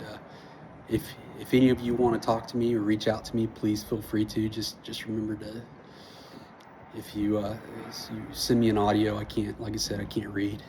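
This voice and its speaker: Halting, emotional man with flat voice. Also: on the low side, noisy background. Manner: halting, many pauses and fillers. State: emotional, near tears. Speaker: vlogger sharing personal news. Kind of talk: emotional personal address.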